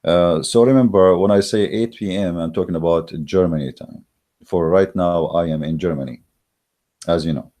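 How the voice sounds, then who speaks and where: Scornful low-voiced man ranting. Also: moderate pace, mellow. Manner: scornful, mocking, emphatic with many fillers. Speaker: online religious debater. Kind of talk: heated polemical monologue. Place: recorded while in Germany.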